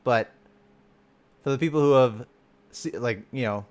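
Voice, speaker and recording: With an unhurried, mid-range voice, a man chats casually while streaming live and reacting to game content. He's excitable, swears freely, and often loses the thread and starts over.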